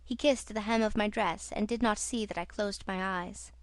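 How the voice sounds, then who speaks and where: Expressive woman reading a horror audiobook. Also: mid-range voice, moderate pace, no echo. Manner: expressive, theatrical. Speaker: audiobook narrator.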